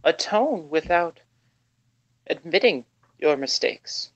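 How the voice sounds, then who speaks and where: A tabletop player voicing a scrappy, defiant goblin servant in a calm, plain voice. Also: mid-range voice, takes it slowly, lo-fi sound. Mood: coaxing. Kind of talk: tabletop role-play voice.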